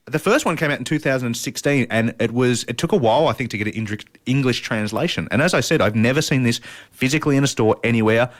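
A man's voice: mid-range voice, fast talker. A man co-hosting a podcast, chatting casually and with animation about board games. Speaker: podcast co-host. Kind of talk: casual chat.

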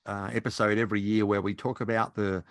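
A man's voice: fairly low pitch, level tone, fast talker, no echo, studio quality. A man from Australia, hosting a podcast interview in an easygoing, conversational way. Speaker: podcast host.

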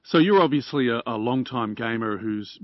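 A man's voice: medium pitch, lively intonation, dry recording. Male interviewer, keen and outspoken, dull dry lo-fi sound. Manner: eager, opinionated, quick follow-up questions. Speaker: podcast host interviewer. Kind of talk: casual interview.

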